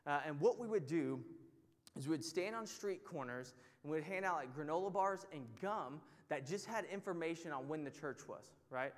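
Young guy teaching bible study, fairly high voice, laid-back, jokes at himself, lots of ums, big hall echo. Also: lively intonation, normal speed. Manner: casual, chatty and self-mocking, with filler words. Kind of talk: storytelling sermon. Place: teaching to a group in a large room. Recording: long hall reverb.

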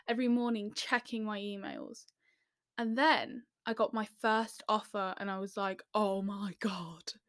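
A young woman from the English Midlands telling a story to camera in a chatty, self-deprecating way, with quick asides. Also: mid-range voice, no room sound, studio quality. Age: young adult.

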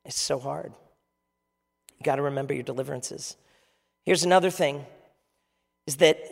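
A man's voice: fairly high pitch, creaky. A man preaching a conversational sermon as pastor, asking the audience questions. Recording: long reverb of a large hall.

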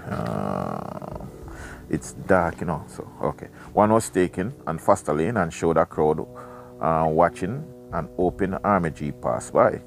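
A man reads a book aloud for his podcast, often drifting into chatty side remarks. His voice sits very low and has a gravelly rasp. Faint music plays softly behind him. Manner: rambling, chatty asides. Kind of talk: casual reading with side commentary.

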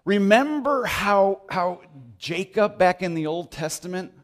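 A man's voice: sits high, animated, measured pace. A man preaching a sermon as pastor, emphatic and repeating phrases for stress.

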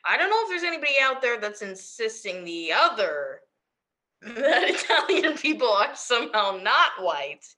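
A woman's voice: on the high side, sing-song, moderate pace, bright, forceful tone. A young woman co-hosting a podcast, chatting casually with frequent giggles and self-deprecating jokes. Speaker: podcast co-host. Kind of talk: casual chat.

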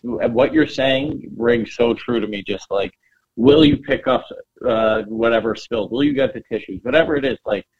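A man's voice: mid-range voice, creaky, highs cut off. A man co-hosting a podcast, chatting casually, agreeing often and chiming in with his own thoughts on school. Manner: engaged listener who chimes in with agreement. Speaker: podcast co-host.

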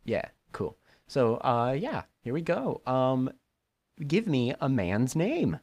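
A man's voice: mid-range voice, sing-song, takes it slowly, a little mellow. A young man co-hosting a casual podcast, laid-back, reading aloud with stops and swearing. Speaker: podcast co-host. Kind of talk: casual chat.

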